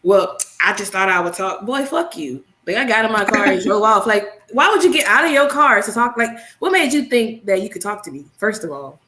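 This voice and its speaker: Brief: adult woman, very lively pitch, blunt and profane, exasperated storyteller in a group chat. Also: a little fast, hardly any pauses, a little hiss or hum. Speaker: chat guest.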